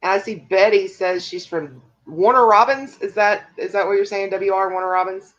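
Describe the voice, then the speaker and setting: A woman from Georgia with a Southern accent and a deep twang, co-hosting a casual live stream and chatting with viewers. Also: fairly even intonation, moderate pace, highs cut off. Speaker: co-host of a coloring live stream.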